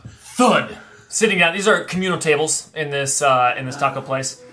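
Bright-voiced man running a tabletop game. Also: on the high side, a little fast, faint music behind. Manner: loose, hesitant, with many fillers. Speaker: game master. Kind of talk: narrating a tabletop role-playing game.

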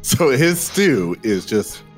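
A man chatting casually as a player at a tabletop game, amused and animated. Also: medium pitch, slow, soft background music, poor audio.

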